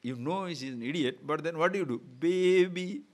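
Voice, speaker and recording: This spiritual teacher, a man with a fairly high voice, talks a little fast as he discourses on scripture. He's animated and keeps putting rhetorical questions to his audience.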